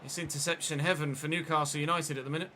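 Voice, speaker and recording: Talking fast in a steady, fairly high voice that sounds pushed and bright, a gaming streamer calls the plays of a football video game live. He curses frequently and gets openly frustrated, with slight background noise in the recording.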